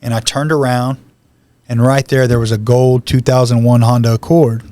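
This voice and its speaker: A man in the guest seat of a podcast, telling his own story in plain, conversational speech. His pitch sits in an ordinary middle range, and he briefly acts out the lines of the people he meets. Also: flat delivery, normal speed, darkish tone, no echo. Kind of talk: personal testimony.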